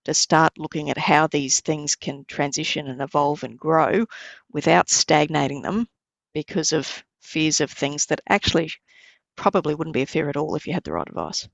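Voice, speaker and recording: A middle-aged woman, a lawyer giving measured, explanatory advice in a podcast interview. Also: sits low, creaky, dry recording. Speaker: lawyer guest.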